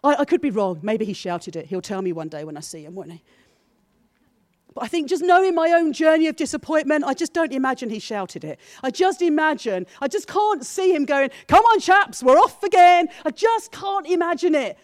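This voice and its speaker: A woman's voice: high-pitched, expressive, brisk, no echo. A woman preaching a sermon to her church in an earnest, personal way. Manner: earnest, builds from soft confessional to emphatic.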